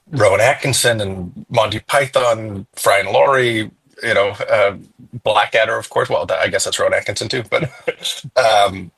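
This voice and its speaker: A man's voice: mid-range voice, sharp tone, slightly rough, poor audio. A man interviewed as a comedian guest, chatty, with stumbling restarts and laughs. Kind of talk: interview answers.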